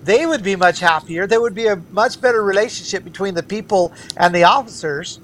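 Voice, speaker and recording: A man running for governor speaks as an interview guest, arguing his political views earnestly and emphatically with repeated phrases. His voice sits high and is fairly bright, his delivery brisk, with slight background noise.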